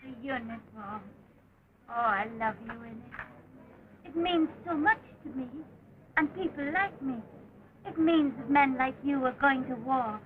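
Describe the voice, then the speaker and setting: An actress in a 1930 film playing a lonely older London charwoman, speaking softly with a tremulous, tender manner. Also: sits high, a little slow, slight background noise. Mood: tearful, earnest. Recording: muffled early sound-film audio.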